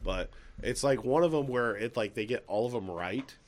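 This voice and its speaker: A man's voice: mid-range voice, moderate pace. A man hosting a podcast, chatting casually and telling stories with frequent laughter. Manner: laughs often, animated storytelling. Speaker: podcast host. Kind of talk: casual chat.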